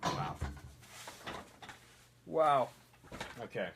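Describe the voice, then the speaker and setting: A man's voice: medium pitch, sing-song, drawn-out words, vocal fry, fairly bright tone, a little hiss or hum. A man chatting casually while making a prop, rambling with self-mocking jokes. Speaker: prop maker. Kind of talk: casual workshop chat.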